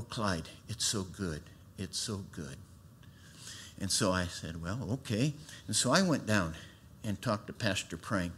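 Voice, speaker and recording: A man's voice: on the low side, a little hiss or hum. Folksy man preaching his testimony. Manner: folksy storytelling, swings from loud to hushed. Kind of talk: sermon testimony.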